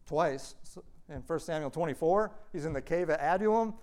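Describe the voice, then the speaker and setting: A man teaching a Bible study class in a conversational way, acting out quoted speech with big swings in pitch. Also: normal speed, darkish tone. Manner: conversational, many fillers.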